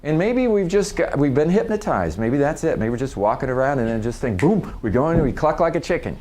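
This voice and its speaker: A man's voice: on the high side, big pitch swings, fairly quick, a little mellow. A middle-aged man speaking live to an audience at a workshop. He talks in a conversational way, laughs often and restarts his sentences.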